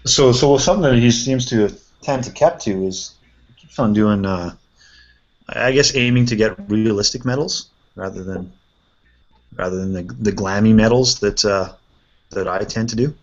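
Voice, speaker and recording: A man hosting a casual chat, reviewing painted miniatures in a relaxed way and thinking aloud with fillers. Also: fairly low pitch, moderate pace. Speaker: host. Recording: dull lo-fi sound.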